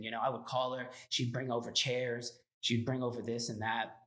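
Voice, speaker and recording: A man with a Texan accent, a restaurant owner telling his story as a guest in a casual chat, animated and laughing as he acts out the dialogue. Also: medium pitch, brisk, hardly any pauses.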